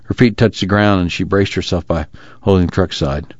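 A man narrating a novel in a steady, measured reading, on a dull lo-fi recording. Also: low voice, dry recording. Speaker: audiobook narrator. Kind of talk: scripted narration.

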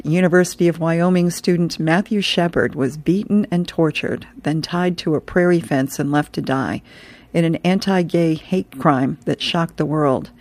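A woman's voice: low-pitched, darkish tone. A woman radio host reading comic strips aloud and running through today in history, laughing between the jokes.

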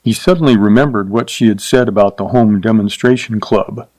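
A man narrating a short story in a steady, even storytelling voice, adding light character voices. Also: on the low side, fairly quick, no room sound, rough recording. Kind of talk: scripted audiobook narration.

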